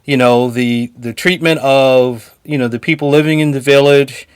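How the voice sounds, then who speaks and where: Guy talking through a movie scene slowly, smooth clear voice, dry sound. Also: mid-range voice, steady tone, no room sound. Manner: measured, many "you know" fillers. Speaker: podcast co-host. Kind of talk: casual film discussion.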